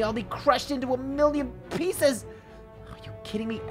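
A woman narrating a Minecraft adventure in first person as its host, excitable and stammering, often calling out to her viewers. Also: on the high side, moderate pace. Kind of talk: first-person game role-play narration. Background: background music.

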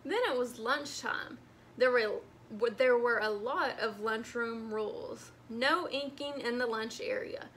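A woman librarian reading a storybook aloud to children in an animated way, speaking to them directly. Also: on the high side, unhurried, slight background noise.

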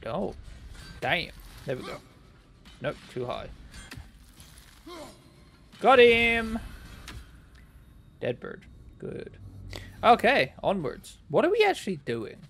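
A man talks through his gameplay in an unhurried, gravelly voice pitched a bit high. He is sarcastic and chatty, teasing the characters on screen. Quiet game music sits under him. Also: huge pitch swings. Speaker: let's play gamer. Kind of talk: casual gameplay commentary.

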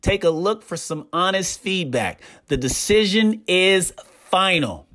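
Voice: mid-range voice, fairly bright tone. A young adult streamer giving indignant reaction commentary, ranting and repeating rhetorical questions.

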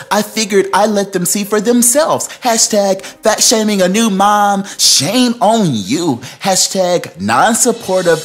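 Man doing a dramatic, raised-pitch diva impression, emphatic. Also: full character voice. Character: impression of a reality star reading her post.

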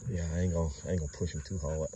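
Low-voiced man rambling loosely outdoors. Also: fairly even intonation, very fast, warm tone, far from the mic, a little hiss or hum. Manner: loose, rambling street talk with laughs. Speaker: dog breeder filming his kennel. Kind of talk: casual outdoor vlog narration.

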